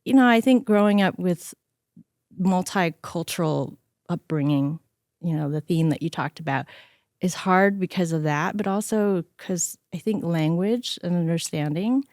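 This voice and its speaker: A middle-aged woman telling personal stories in an interview, animated and acting out the voices of the people she quotes. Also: on the low side, measured pace, no room sound, studio quality. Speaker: interview guest. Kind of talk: conversational storytelling.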